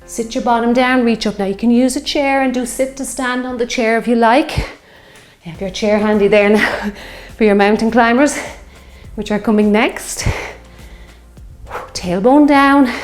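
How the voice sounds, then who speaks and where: A woman in her 50s leads a workout class, her slightly high voice staying steady and unhurried as she gives upbeat, encouraging cues. She gets a bit out of breath at times, and the room echoes over the workout music.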